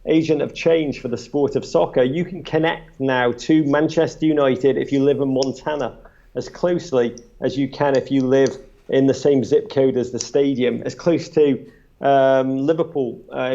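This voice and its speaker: A man, a podcast guest and author, telling animated anecdotes at a live panel with many restarts. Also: medium pitch, normal speed, creaky, highs cut off.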